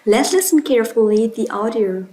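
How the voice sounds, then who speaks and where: A woman with a Vietnamese accent teaching an English pronunciation lesson in a clear, instructive way, praising her students. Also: a little high, expressive, moderate pace, warm tone, poor audio. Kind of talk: classroom lesson.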